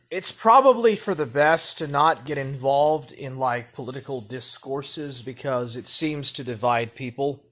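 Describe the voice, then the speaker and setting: A man hosting a livestream, rambling through a monologue and reading out chat messages, repeating himself and drifting between loud and muttered. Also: on the high side. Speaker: livestream host.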